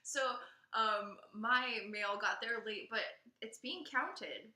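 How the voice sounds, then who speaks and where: A woman co-hosting a casual podcast, telling stories in an animated, ranting way with frequent laughter. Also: fairly high pitch, slow pace, reverberant. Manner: animated, ranting storyteller who laughs often. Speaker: podcast co-host. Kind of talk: casual chat.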